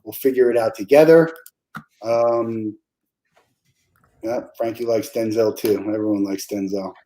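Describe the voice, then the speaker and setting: Relaxed, mellow-voiced male podcast host. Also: on the low side, measured pace, slight background noise, low-quality recording. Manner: relaxed, with frequent restarts and fillers. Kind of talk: casual interview chat.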